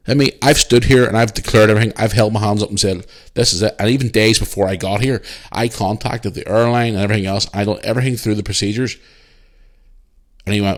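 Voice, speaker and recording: Northern Irish man, podcast host, lowish voice, animated, swears a lot, casual solo chat. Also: quick pace. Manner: animated, swears freely, retells arguments with heat.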